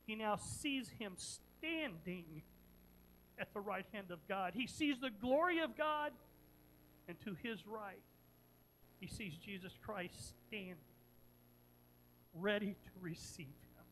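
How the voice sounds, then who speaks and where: A pastor preaching a sermon, retelling a story dramatically with repeated phrases, moving between loud emphasis and quiet earnest questions. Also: medium pitch, expressive, takes it slowly, long pauses, a little hiss or hum, poor audio.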